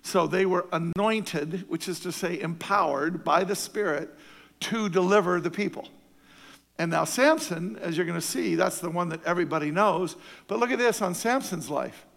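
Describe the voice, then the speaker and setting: High gravelly guy preaching, earnest, repeats stuff for emphasis, echoey church hall. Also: normal speed, a bit bright. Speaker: pastor. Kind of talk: sermon.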